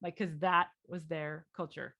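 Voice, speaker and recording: A woman hosting a podcast in casual chat, telling work stories in an animated way and acting out her own reactions. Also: low-pitched, unhurried, vocal fry, dry recording, studio quality. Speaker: podcast host.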